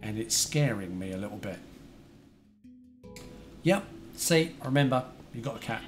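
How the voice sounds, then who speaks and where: A man's voice: medium pitch, sing-song, normal speed, pauses often, faint music behind. A man from the UK chatting casually to his viewers while playing a building game on a live stream. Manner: chatty, talks to chat viewers, remembers their details.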